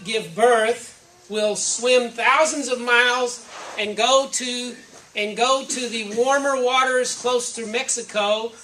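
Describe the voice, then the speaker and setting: A woman's voice: a little high, fairly bright tone. Woman preaching in an echoey hall. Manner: conversational, reflective, listing examples one by one. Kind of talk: sermon. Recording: roomy echo from a distant mic, faint ambience.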